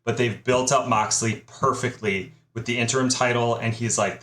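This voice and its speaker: A man's voice: mid-range voice, fairly even intonation, moderate pace, fairly bright tone. A man with a mid-range voice co-hosts a casual podcast, easygoing and agreeable. He speeds up when he makes his point. His voice bounces around an echoey room. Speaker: podcast co-host. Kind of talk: casual chat.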